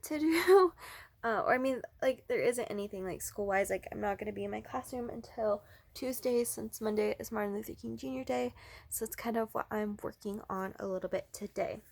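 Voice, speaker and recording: A woman's voice: on the high side, fairly quick, vocal fry, no room sound. Bubbly young woman chatting in a vlog. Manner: chatty and bubbly, with many fillers and some hushed asides. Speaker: vlogger and art teacher. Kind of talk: casual vlog chat. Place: indoors at home, in a bedroom.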